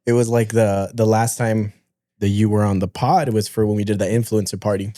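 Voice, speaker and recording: A man hosting a podcast, laid-back and teasing, quick to laugh at crude jokes. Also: fairly low pitch, steady tone, mellow, no echo, clean studio sound. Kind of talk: casual podcast banter.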